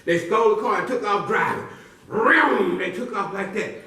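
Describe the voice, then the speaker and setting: A man's voice: high-pitched, quick pace, bright, forceful tone. A man telling a silly story to a live audience with playful call-and-response build-ups. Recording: echoey room from far off.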